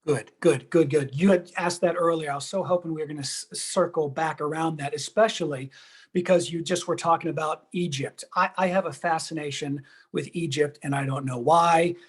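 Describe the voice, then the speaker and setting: Husky earnest man explaining on a call. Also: a little high, steady tone, moderate pace. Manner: earnest, repeats words while searching for them. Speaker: guest, tarot teacher. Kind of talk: casual video call interview. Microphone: video call.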